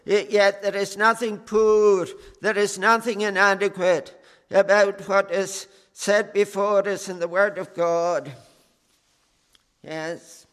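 A man preaching a sermon with slow, earnest delivery, pausing often on "eh" and appealing with fervent "oh"s. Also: high voice, flat delivery, a bit bright, clean tone. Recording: long hall reverb.

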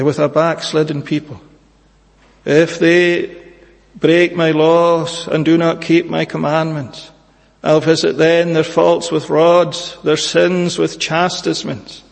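A man preaching a sermon in a church, earnest and measured, pleading with his hearers and pausing often on "eh". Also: on the high side, flat delivery, creaky, long reverb tail.

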